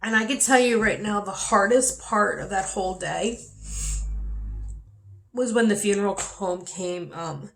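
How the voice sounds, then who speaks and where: A young woman with a medium-pitched voice and noticeable vocal fry speaks at a measured pace in a personal vlog. Her storytelling is emotional and frank, full of swearing, rising when she's upset, and her mouth is dry.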